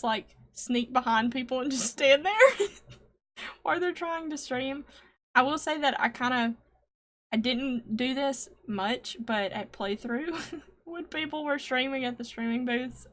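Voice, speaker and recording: A woman's voice: fairly high pitch, fairly bright tone. A woman co-hosting a casual stream show, teasing her co-host and laughing often. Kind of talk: casual chat.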